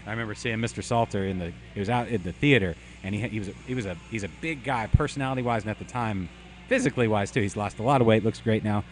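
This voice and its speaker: A man co-hosting a beer show, telling a rambling story in casual chat, with many halting restarts. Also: fairly low pitch, a little hiss or hum. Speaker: podcast co-host.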